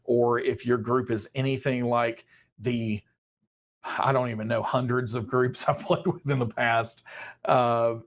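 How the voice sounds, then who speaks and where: A man's voice: mid-range voice, steady tone, measured pace, slight background noise. Casual male host of a live stream. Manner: casual, friendly, a few uh fillers.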